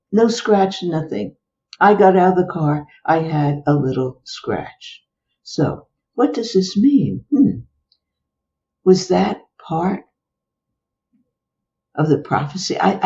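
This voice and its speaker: Older woman, animated mellow storyteller. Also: on the low side, muffled recording. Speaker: interview guest, psychologist. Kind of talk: personal storytelling in conversation.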